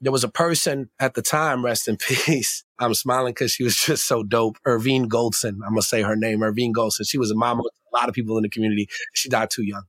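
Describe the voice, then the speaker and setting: Talking fast with few pauses, a man in a mid-range, steady, slightly bright voice tells a personal story as a podcast guest, with no room sound. The emcee and educator is candid, reflective, and slangy, repeatedly checking in with "right?"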